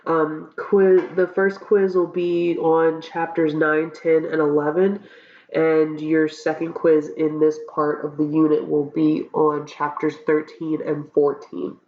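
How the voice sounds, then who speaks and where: A woman's voice: sits low, flat delivery, slow pace. A woman college instructor with a stuffy, cold-affected voice walks students through course assignments in a casual way, often checking in with "okay?". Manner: casual, checks in with frequent okays and ums. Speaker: college public speaking instructor. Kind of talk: recorded course walkthrough lecture. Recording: roomy, dull lo-fi recording.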